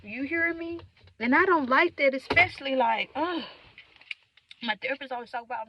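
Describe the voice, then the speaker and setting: A young woman venting in a candid, profane monologue, swinging from loud outbursts to low mutters. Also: big pitch swings, normal speed, background noise. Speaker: vlogger.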